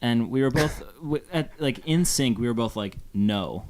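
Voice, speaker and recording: A man's voice: mid-range voice, normal speed, darkish tone. A young man from Phoenix, co-hosting a podcast and telling a story in a casual, rambling way with plenty of fillers. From Phoenix, Arizona. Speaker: podcast co-host. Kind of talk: casual chat.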